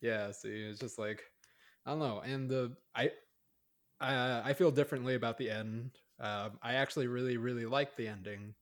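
A man's voice: mid-range voice, steady tone, normal speed. Rambling man chatting about a film. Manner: rambling, many fillers and restarts. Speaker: podcast co-host. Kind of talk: casual chat reviewing a horror film.

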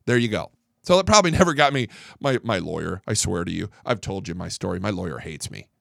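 A man's voice: low voice, big pitch swings, fast talker, creaky, a bit bright, dry recording, clean studio sound. A middle-aged man giving a blunt, heated monologue as a podcast host, often stumbling and restarting as he vents. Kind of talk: casual monologue.

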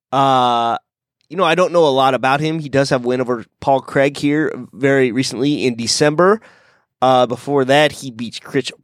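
A man's voice: medium pitch, no room sound, clean studio sound. Man hosting a casual fight-picks podcast. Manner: rambling and self-deprecating, many "you know"s. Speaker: podcast host.

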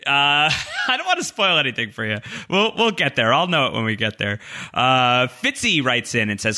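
Bright-voiced man, lively podcast chat. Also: medium pitch, normal speed. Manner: jokey, self-deprecating. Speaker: podcast co-host. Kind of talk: casual podcast chat reading listener mail.

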